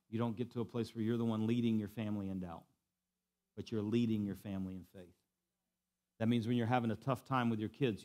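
A pastor preaching a sermon to a church, repeating key lines for emphasis and swinging from quiet to loud. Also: male voice, on the low side. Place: church sanctuary.

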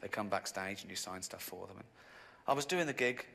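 A man's voice: brisk, gravelly, sharp tone. Sardonic English stand-up man. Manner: sardonic, mocking, jumps into high squeaky voices for quoted people. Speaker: stand-up comedian. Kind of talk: stand-up comedy set. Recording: video game audio capture with background noise.

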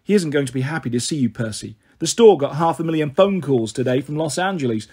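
A man voicing a worried middle-aged mother who speaks softly and hesitantly, pleading in a raised, slightly husky voice. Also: fairly high pitch, lively intonation, fast.

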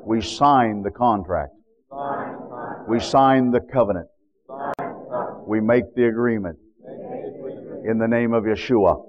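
A man preaching a sermon, leading a congregation in a repeat-after-me covenant prayer in a measured, solemn cadence. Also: fairly low pitch, lo-fi sound, a crowd in the background. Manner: leads repeat-after-me prayer, then shouts praise and speaks in tongues.

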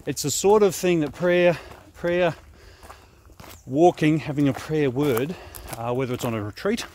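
An Australian man, a host and spiritual director, teaching prayer walking in a relaxed, conversational way while walking in the bush, slightly short of breath. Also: on the high side. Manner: relaxed, conversational, often asks "right?". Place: outdoors in bushland on a walking track. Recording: faint outdoor noise.

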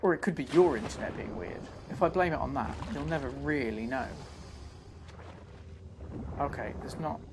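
A man's voice: mid-range voice, lively intonation, normal speed, pauses often, noisy background. A man giving chatty, self-mocking live commentary while he plays a video game and talks to his viewers. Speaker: streamer playing a game. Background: game music.

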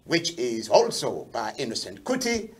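A man's voice: medium pitch, huge pitch swings, slight background noise. Polite man hosting a talk show. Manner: measured, polite, introduces each track. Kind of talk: formal interview hosting.

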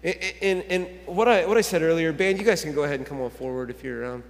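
A man's voice: on the high side, fast talker. A man preaching a sermon as a pastor, reading a children's book aloud in a conversational way and repeating phrases. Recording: long church hall reverb.

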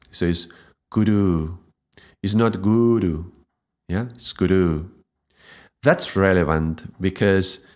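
Slow, low-voiced man teaching yoga. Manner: gentle, unhurried, often asks "yeah?". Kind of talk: spiritual teaching talk.

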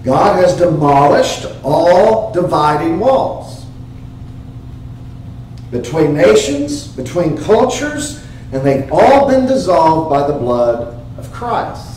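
A man's voice: on the high side, big pitch swings, slow pace, darkish tone, far from the mic, slight background noise. A pastor preaching a sermon in a church, earnest and emphatic, putting rhetorical questions to his congregation. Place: church sanctuary. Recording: very echoey church, heard from afar.

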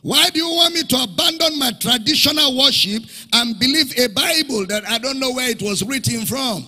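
Pastor, male; emphatic sing-song sermon delivery, high and animated, slightly raspy, church hall echo. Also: moderate pace. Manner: emphatic, repetitive rhetorical questions, sing-song preaching cadence. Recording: large hall reverb, faint music behind.

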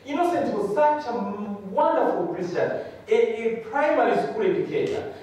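A man's voice: very high-pitched, animated, normal speed, darkish tone. A man giving an earnest testimony sermon, moving from storytelling into fervent call-and-response preaching. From Rwanda. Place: church hall. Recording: echoey church hall, voice from far off.

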